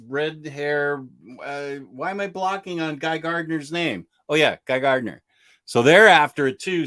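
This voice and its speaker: Male comic book host, slightly high voice, eager and rambling, casual live chat. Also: a bit bright. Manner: enthusiastic, rambling, reading out viewer comments.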